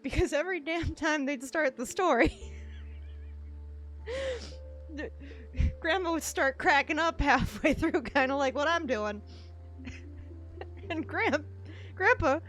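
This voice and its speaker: A woman on a gameplay stream tells a family story in a loose, rambling way and laughs often. Her voice sits a bit high. Game music plays faintly behind her. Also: normal speed, a bit bright.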